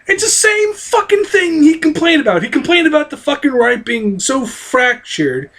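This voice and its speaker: A fired-up vlogger ranting to camera with a lively, swooping delivery. The speaker drops to low, sour mutters and then cracks upward into shouts. The voice sounds strained and close to giving out, and almost every sentence carries a curse. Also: normal speed. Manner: heated, profane, swinging from low mutters to high outbursts. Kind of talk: angry political rant to camera.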